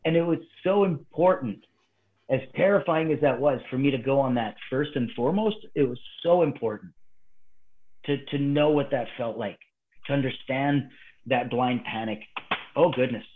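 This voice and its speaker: A man, a martial arts guest, telling a story animatedly and swinging between hushed and excited delivery. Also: mid-range voice, normal speed, slight background noise. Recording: phone-like remote call line.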